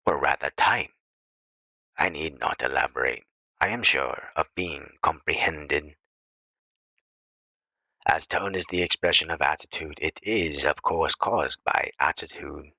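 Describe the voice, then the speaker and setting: Man, audiobook narrator, extremely low voice, bright tone, dry close sound, measured reading. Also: gravelly, no echo, poor audio. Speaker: audiobook reader.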